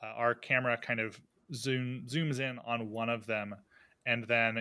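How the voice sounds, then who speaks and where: A man's voice: medium pitch, flat delivery, a little slow, sharp tone, clean tone, no echo. A man acting as game master, setting scenes in a playful, cinematic way. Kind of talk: narrating a tabletop game.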